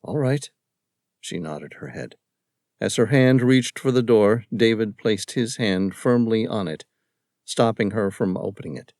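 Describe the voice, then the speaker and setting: A male audiobook narrator reading a novel in steady, even storytelling. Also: lowish voice, a little slow, dry recording, clean studio sound. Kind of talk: scripted narration.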